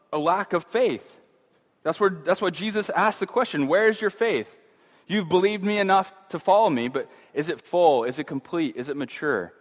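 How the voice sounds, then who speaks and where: This Bible teaching comes from a middle-aged man in a chatty, casual style, peppered with fillers and false starts. He mimics fearful voices by raising his pitch, and the sound carries a long hall reverb.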